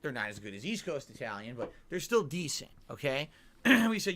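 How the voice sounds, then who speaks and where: At a moderate pace and with a medium-pitched, slightly bright voice, a middle-aged Connecticut vlogger gets very animated as he tells a long, emphatic story, checking in with the listener along the way.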